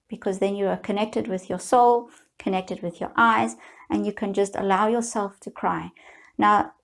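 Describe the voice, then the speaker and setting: Woman, middle-aged, healing coach, soothing guided talk, gentle encouragement. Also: medium pitch. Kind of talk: guided self-help talk.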